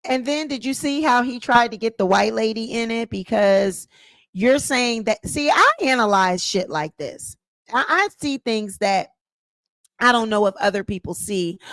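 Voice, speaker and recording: A woman's voice: on the high side, a bit bright, no echo. A woman giving blunt, mocking commentary on a video clip, laughing as she talks. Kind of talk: casual reaction commentary.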